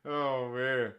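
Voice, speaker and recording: A man's voice: mid-range voice, pushed and bright, clean tone. A young man hosting a casual live stream, reading chat aloud and telling rambling, profane stories with frequent laughter.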